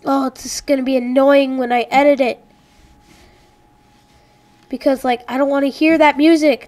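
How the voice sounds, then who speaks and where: A woman's voice: sits high, steady tone, moderate pace, long pauses, darkish tone. A woman playing a frustrating game on camera, exclaiming and muttering at it. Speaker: let's play gamer.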